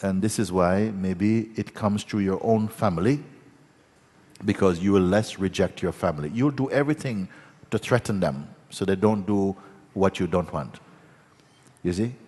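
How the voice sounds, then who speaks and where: Spiritual teacher, male, deep husky voice, meandering storyteller, long hall reverb. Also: normal speed. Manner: gentle storytelling with many restarts and tag questions. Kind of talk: satsang talk.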